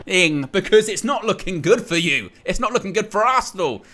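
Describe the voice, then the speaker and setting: Guy hosting a live match watchalong, gloating and teasing nonstop, high bright voice. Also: animated, a little fast, faint music behind. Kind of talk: live stream commentary.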